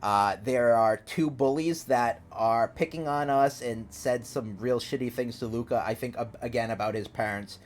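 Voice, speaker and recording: A man's voice: medium pitch, moderate pace, hardly any pauses. A man live-streaming a story game, chatting casually and rambling as he plays. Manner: chatty, rambling, lively, reads characters aloud. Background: faint game piano music.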